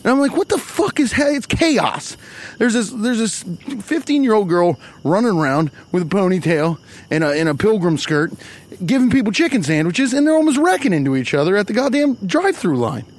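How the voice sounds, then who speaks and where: A man with a high, lively voice tells a stand-up story, swearing and getting worked up. He keeps slipping into little voices for the people he quotes, with his pitch jumping up and down as he goes. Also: brisk. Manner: profane, exasperated, acts out the characters he quotes. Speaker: comedian.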